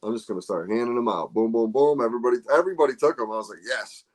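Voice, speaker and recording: This golf podcast host speaks at a medium pitch and a racing pace. Chatting casually, he tells stories with animation and curses without holding back.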